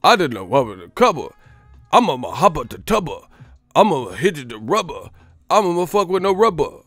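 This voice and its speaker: A man's voice: a little high, sing-song, moderate pace, a bit bright, no room sound, pitched above the performer's own voice, heavily acted. A man putting on a mumbling gibberish rapper. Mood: slurring. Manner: slurred, sing-song gibberish rhymes. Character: mumbling nonsense-rhyming male rapper.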